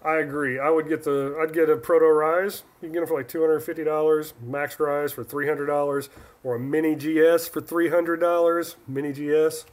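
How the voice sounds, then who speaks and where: A man's voice: on the high side, level tone, fairly quick. A man from Northern California hosting a casual live stream, answering viewer questions in a rambling, chatty way that often trails off and restarts. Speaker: livestream host.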